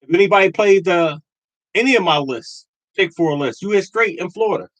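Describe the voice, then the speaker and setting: Older male streamer, high voice, dry close sound, hammers each point twice with preacher-like conviction. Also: fairly quick, fairly bright tone, dry recording, low-quality recording. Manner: emphatic and repetitive, preaching conviction. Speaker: lottery tips host. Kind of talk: live stream talking to chat.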